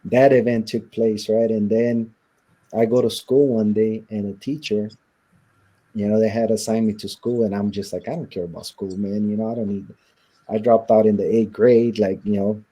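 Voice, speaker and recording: Low dark-voiced man telling his story. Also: steady tone, normal speed. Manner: casual, storytelling with many quoted exchanges and fillers. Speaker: interview guest.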